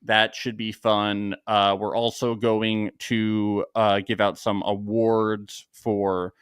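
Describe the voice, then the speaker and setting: A man's voice: fairly low pitch, slow, clean tone, no echo, clean studio sound. A man co-hosting a podcast, chatting casually and joking as he recaps a show. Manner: jokey, animated, laughs often. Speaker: podcast co-host.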